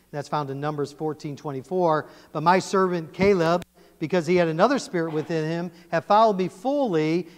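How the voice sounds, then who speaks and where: A male pastor preaching a sermon in a church, animated and emphatic, often quizzing his congregation. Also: fairly high pitch. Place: church sanctuary. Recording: long church reverb.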